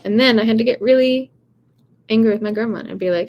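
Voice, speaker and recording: A woman's voice: a little high, fast, lo-fi sound. A woman vocal coach giving casual, encouraging advice in a chatty way, often saying "you know" and "right".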